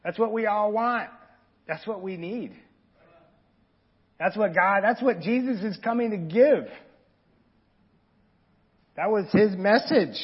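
Husky-voiced man preaching a casual sermon. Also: high voice, slow pace, pauses often, muffled recording. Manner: informal, earnest, talks directly to the congregation. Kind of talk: conversational sermon.

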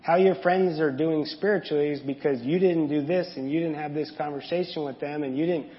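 A man preaches in a plain, conversational way, stopping often to ask the congregation questions. His voice sits a little high for a man. The sound is dull and lo-fi, and it rings with the long reverb of a big church room. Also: fairly even intonation, a little fast. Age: adult parent. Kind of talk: sermon. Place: church sanctuary.

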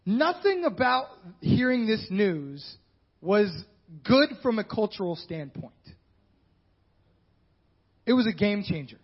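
A man's voice: high-pitched, big pitch swings, slow pace, long pauses. A male pastor preaching a sermon in a conversational style with joking asides. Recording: dull lo-fi sound.

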